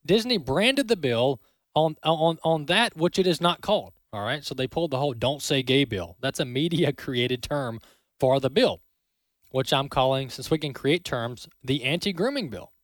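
A man's voice: fairly high pitch, animated, normal speed, no room sound, studio quality. A man hosting an opinion commentary segment. He speaks emphatically, often repeats words and ends points with "all right?". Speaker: host.

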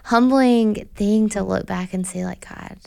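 A woman's voice: medium pitch, a little slow, creaky, warm tone, clean tone, faint music behind. A woman co-hosting a radio talk show, chatting and retelling a friend's story. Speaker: radio co-host.

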